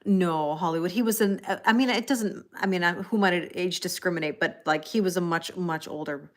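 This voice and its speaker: Brisk and fairly low-pitched, this middle-aged tarot reader hosts a livestream, keeping things casual, laughing frequently, and responding to comments from viewers.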